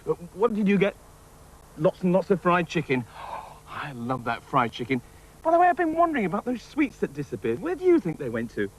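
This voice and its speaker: A man presenting a children's television show, chatting warmly to his puppets. His delivery is cheerful and coaxing, with lots of rise and fall. The recording is an old TV tape with steady hiss. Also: high voice, poor audio. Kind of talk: lively scripted children's TV talk.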